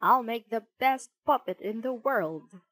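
A woman voicing an excitable, quick-tempered old male carpenter in a storybook reading, loud and exclaiming. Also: on the high side, no room sound.

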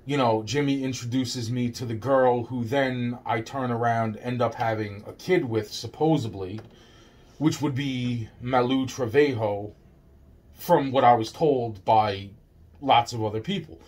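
A man's voice: medium pitch, measured pace, darkish tone. A man telling a long personal story straight to the listener, rambling, repetitive and full of swearing.

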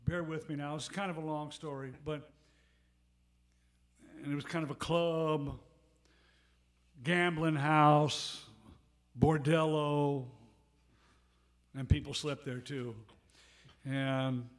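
A bandleader and harmonica player with a fairly high voice tells a long story between songs, speaking slowly with frequent pauses and a fairly even intonation. The rambling, aside-filled anecdote comes through a stage microphone at a music club.

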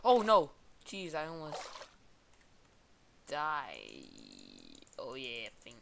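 A male gamer chatting casually while playing with a friend, excitable, swearing and laughing a lot. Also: a little high, extremely slow, creaky, slight background noise. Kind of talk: casual gameplay chat.

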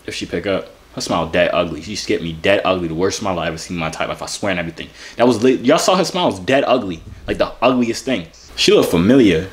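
A man in his twenties with a New York accent, chatting and flirting playfully with strangers on a video app and joking to his viewers in street slang. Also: on the low side. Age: 20s. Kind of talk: casual flirty chat with asides to viewers.

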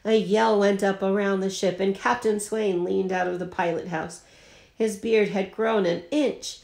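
A teacher reading a children's novel aloud at home, lightly voicing the characters. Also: female voice, mid-range voice, measured pace, vocal fry. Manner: expressive, lightly voices the characters. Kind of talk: storybook read-aloud.

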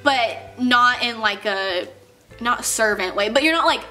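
In a little-high, pushed and bright voice, a young vlogger takes her time telling work stories to her camera. She chats casually, says "like" often, and acts out what people said. Faint music sits in the background.

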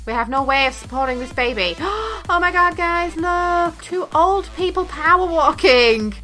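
A woman's voice: very high-pitched, lively intonation, normal speed, bright, forceful tone, faint music behind. A woman hosting a let's play, giving casual gameplay commentary with blunt, profane jokes and frequent giggling.

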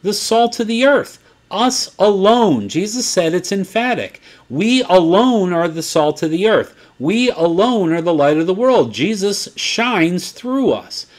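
A man in his fifties teaching from the Bible in a sermon style, swinging between quiet asides and excited high points. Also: a little slow. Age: 50s. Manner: animated, swings from low asides to excited peaks.

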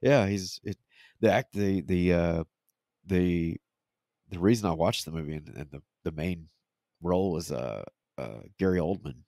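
A laid-back man co-hosting a podcast, speaking in a halting, relaxed way and often just agreeing. His voice sits very low with a gravelly fry. The sound is close and dry. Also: no room sound. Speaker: podcast co-host. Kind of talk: casual chat.

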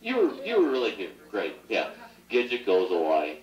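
A man's voice: lowish voice, huge pitch swings, normal speed, muffled recording. A middle-aged man telling joking, teasing stories as the son at a family party. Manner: joking, teasing, laughs at his own stories. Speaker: son giving a toast. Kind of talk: rambling anecdotes at a family party. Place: party room at an anniversary celebration. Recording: echoey 1980s home video from far off.

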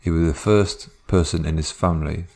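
A man co-hosting a comedy podcast, trading dry, deadpan quips while improvising a movie plot. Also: sits low, a little fast, creaky. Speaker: podcast co-host.

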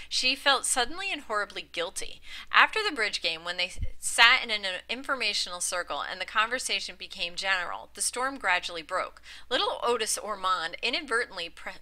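A woman reads a classic short story aloud in a very bright, sharp-edged voice. She narrates at an even middle pitch, now and then stumbling and restarting a phrase, and lifts her tone for the quoted speech. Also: rough recording. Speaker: reader. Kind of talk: audiobook narration.

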